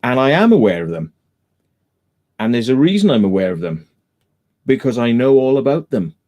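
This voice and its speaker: Guy on a live stream, talking casual, keeps hammering the same points home, pretty emphatic, medium-pitched voice. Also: big pitch swings, normal speed, darkish tone. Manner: emphatic, repeats his points while retelling a dispute.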